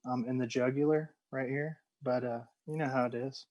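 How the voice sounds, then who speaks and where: A man's voice: mid-range voice, steady tone, moderate pace, a little mellow. A man co-hosting a podcast in laid-back, rambling chat, his voice congested and nasal from a sinus infection. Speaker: podcast co-host. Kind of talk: casual podcast banter.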